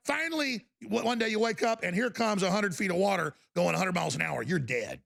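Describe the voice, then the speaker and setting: Super gravelly guy ranting on his talk show, fired up and mocking, kinda high voice. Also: lively intonation, fast, hardly any pauses, a bit bright. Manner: fervent, ranting, with mocking asides. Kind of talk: talk radio monologue.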